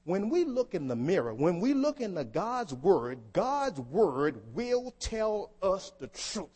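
A man's voice: high-pitched, big pitch swings, slow, dark tone, slightly rough. A man preaching a sermon to a congregation, often asking them questions to draw them in. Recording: long hall reverb.

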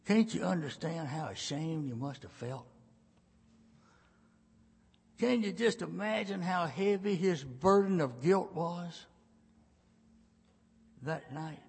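Slow gravelly preacher in a reverberant church. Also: male voice, a little high, animated. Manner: folksy, dramatic storytelling with sudden loud and hushed passages. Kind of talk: sermon. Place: church sanctuary. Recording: long reverb of a large church.

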